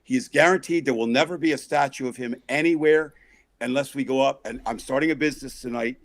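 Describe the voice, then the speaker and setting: Gravelly guy ranting and mocking, exasperated, dry close audio. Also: medium pitch, fast, no room sound. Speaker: podcast host. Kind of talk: comedic political chat.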